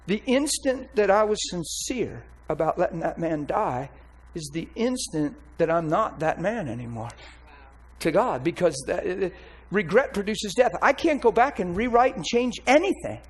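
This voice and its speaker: A man's voice: sits high, very animated, normal speed, breathy edge, rough recording. A man preaching his testimony in an impassioned, emphatic way. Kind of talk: testimony sermon.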